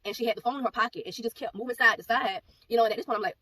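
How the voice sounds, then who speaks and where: Woman talking real fast telling her testimony, kinda far from the mic, bit of noise behind. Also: on the high side. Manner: rapid and animated, acts out quoted exchanges. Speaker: ministry speaker giving a testimony. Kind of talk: personal testimony storytelling.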